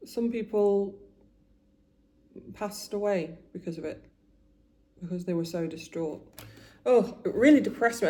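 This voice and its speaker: A woman's voice: mid-range voice, moderate pace, long pauses, warm tone. A woman in her forties chatting casually about her week while doing her make-up, getting emotional and often trailing off and restarting. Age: 40s. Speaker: vlogger.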